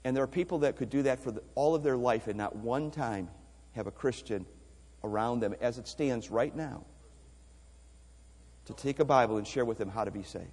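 A man's voice: mid-range voice, normal speed, a little mellow, breathy edge. A man preaching a missions sermon, emphatic, asking rhetorical questions and repeating words as he goes. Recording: long hall reverb.

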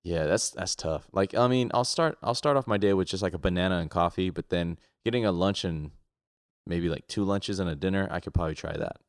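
A man's voice: low-pitched, brisk, dry recording, studio quality. A young man co-hosting a podcast in casual chat, loose and self-mocking, swearing freely. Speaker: podcast co-host.

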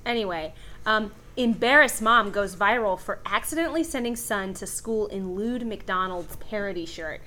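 A woman's voice: medium pitch, moderate pace, pushed and bright. A young woman co-hosting a casual podcast, chatty and giggly. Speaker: podcast co-host. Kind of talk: casual chat.

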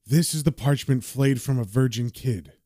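A man's voice: medium pitch, moderate pace, warm tone, no echo, studio quality, lightly acted. A man voicing a grim young male occultist who recites spells with solemn intensity in a comic book reading.

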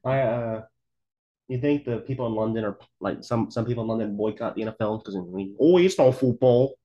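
A man's voice: lowish voice, fairly even intonation, a little fast, mellow, lo-fi sound. A man chiming in on a casual sports podcast with laid-back, offhand remarks.

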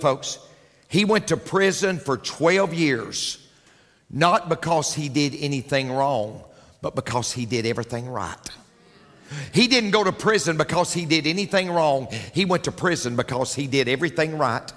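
Male pastor, high bright voice, lively swooping delivery, emphatic repeats; reverberant church hall. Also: normal speed. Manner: emphatic, repeats lines for effect. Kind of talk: sermon. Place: large church.

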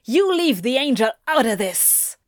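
A woman's voice: medium pitch, measured pace, no room sound, studio quality, natural voice. A woman voicing a sullen, snappish man. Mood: snarling. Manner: growling, snappish. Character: sullen, hot-tempered man.

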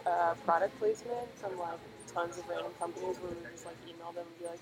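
A young woman chatting casually, rambling and filling her talk with pauses and fillers. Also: lowish voice, flat delivery, crowd noise. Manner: rambling, filler-heavy storytelling. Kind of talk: casual chat. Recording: noisy background.

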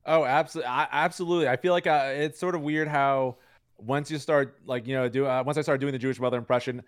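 A man's voice: medium pitch, fairly even intonation, fast talker, smooth, no room sound, studio quality. A man talking as a streamer guest in a casual interview, rambling with lots of "like" and "you know" fillers.

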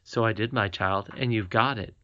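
A man voicing a wise, gentle, mysterious old grandmother queen in an audiobook, calm, measured and tender. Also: on the low side, dull audio, lightly acted. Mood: gently knowing. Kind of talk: audiobook character reading.

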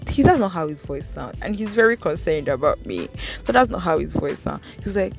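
Sitting in a car, a young adult vlogger with a Nigerian accent playfully chats about her week as casual storytelling, slipping into Pidgin. Her lowish, gravelly voice is very animated and fairly quick, heard over music.

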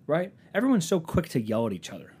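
A man's voice: on the high side, huge pitch swings, quick pace, a little mellow, slightly rough. A man telling comic stories as a podcast host in a profane, sarcastic, self-mocking casual rant. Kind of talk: casual comedic storytelling rant.

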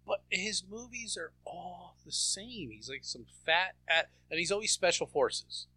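A man's voice: sits high, a little slow, slightly rough, dry recording. A man in casual chat, profane and sarcastic as he mocks films. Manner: profane, sarcastic, animated storytelling.

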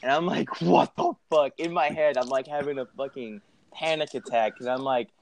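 A young man in casual chat, telling a story with lots of swearing and loud laughs. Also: medium pitch, normal speed. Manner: animated, swears often, laughs loudly.

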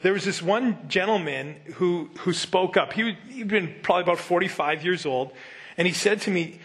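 Conversational male pastor, slightly high voice. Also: moderate pace, a bit bright. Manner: conversational, acts out quotes in character voices. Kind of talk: sermon teaching.

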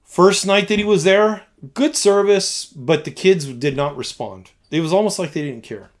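A man, a youth pastor, tells a story in conversation, acting out his own past lines, swinging between loud bursts and hushed tones. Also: sits high, moderate pace.

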